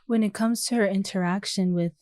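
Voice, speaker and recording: A woman co-hosts a faith podcast, reflecting thoughtfully and restarting her phrases as she thinks. Her pitch sits in a middle range. She is recorded on a close, dry podcast mic. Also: fairly even intonation, a little fast, a little mellow, no room sound. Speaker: podcast co-host. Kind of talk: casual faith discussion.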